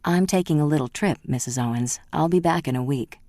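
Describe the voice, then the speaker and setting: A woman doing a firm young mother, cool and resolute, storybook figure, very low voice, dry sound. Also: a little fast, dark tone, no echo, natural voice. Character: determined young unwed mother.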